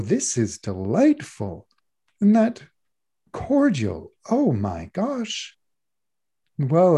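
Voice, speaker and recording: A man's voice: on the high side, mellow, slightly rough, pitched above the performer's own voice, full character voice. A man voicing an effusive older woman who judges a baking contest, swooning over each cake. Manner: effusive, sighing praise.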